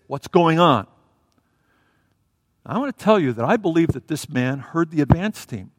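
A man preaching a sermon in a church, animated, swinging between loud and soft as he acts out the story. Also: fairly high pitch, dry recording, clean studio sound, in a large hall.

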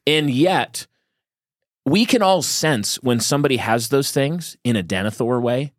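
A man's voice: mid-range voice, animated, unhurried, dry recording, clean studio sound. A man co-hosting a podcast, talking with enthusiasm and musing aloud, often restarting his sentences. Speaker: podcast co-host. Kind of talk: casual discussion.

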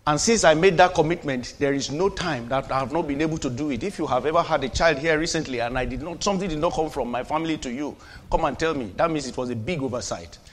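A man preaching as a pastor, calling to the congregation and dropping from loud declarations to quiet asides. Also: a little high, quick pace, a little hiss or hum. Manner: preachy call-and-response, swings from shouting to quiet asides. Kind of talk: sermon.

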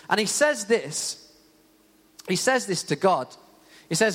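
A young man preaches a sermon in a church hall with a long reverb, telling stories casually and animatedly, peppered with "you know." His voice is high-pitched, his pace moderate, and he pauses often.

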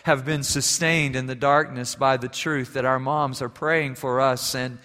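A man preaching a sermon as pastor, telling stories and moving between quiet, hushed passages and emphatic ones. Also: mid-range voice, fairly even intonation, unhurried, big-room sound.

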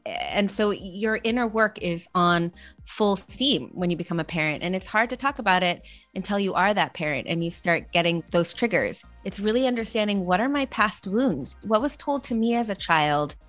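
A woman's voice: medium pitch, expressive, moderate pace, a bit bright, faint music behind. A woman, a parenting course co-founder, explaining her work earnestly and with enthusiasm as a guest. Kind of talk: casual conversational interview.

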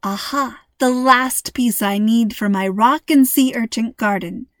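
A cheerful, playful mother in a storybook, warm and teasing, read by a woman narrator. Her voice sits slightly high. The recording is dry and close. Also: unhurried, no room sound, close to an everyday voice.

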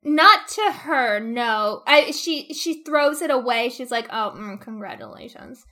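Higher-voiced woman in a book chat. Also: takes it slowly, bright, forceful tone. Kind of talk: casual book discussion.

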